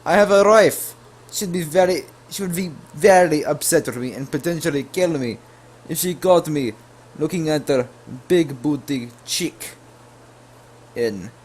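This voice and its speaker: A man putting on a deliberately poor Russian accent to play a formal, married 66-year-old Russian man. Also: fairly high pitch, lively intonation, slightly rough, voice pushed up. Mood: mock-serious. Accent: put-on Russian. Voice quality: exaggerated, self-admittedly bad accent. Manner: formal, mock-serious.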